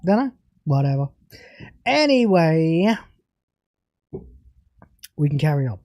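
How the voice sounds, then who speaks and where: A man's voice: on the high side, very animated, takes it slowly, a little mellow, dry recording, clean studio sound. A young British man hosting a livestreamed TV review, ranting furiously with heavy swearing and then settling into casual chat. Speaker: TV show reviewer.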